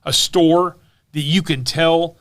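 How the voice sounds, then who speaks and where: A man's voice: a little high, fairly even intonation, slow pace, fairly bright tone. A man co-hosting a casual podcast in a studio, blunt and sarcastic as he rants. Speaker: podcast co-host. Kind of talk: casual chat.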